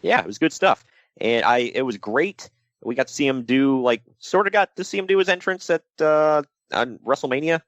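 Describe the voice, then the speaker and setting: A man co-hosting a casual wrestling podcast, with a lively voice that rises and falls a lot. He jokes around and drops into mock voices, and the sound is dry and close to the mic. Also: medium pitch, normal speed, no room sound. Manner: jokey, animated, slips into mock voices. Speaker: podcast co-host.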